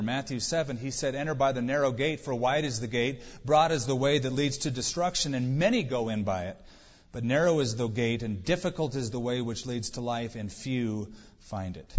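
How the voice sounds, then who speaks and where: A pastor preaching a sermon in a conversational way, with rhetorical questions and dry humor. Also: male voice, mid-range voice. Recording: dull, lo-fi sound in a reverberant hall.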